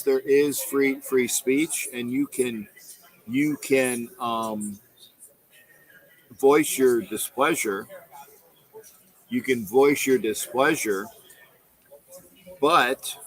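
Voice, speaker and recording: A man's voice: mid-range voice, fairly bright tone, low-quality recording. Middle-aged male host, casual livestream, rambling delivery, repeats lines, mid-range voice. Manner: rambling, repeats himself, reads viewer comments aloud. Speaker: host of a fan call-in livestream. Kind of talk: casual live-stream fan talk.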